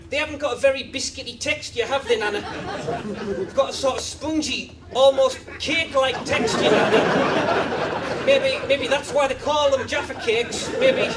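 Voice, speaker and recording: Awkward deadpan man on a comedy stage. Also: very high voice, recorded from a distance, background noise. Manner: deadpan, awkward, hesitant restarts. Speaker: stand-up comedian. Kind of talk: stand-up comedy set. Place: comedy club stage with live audience. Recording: live club recording, loud crowd laughter.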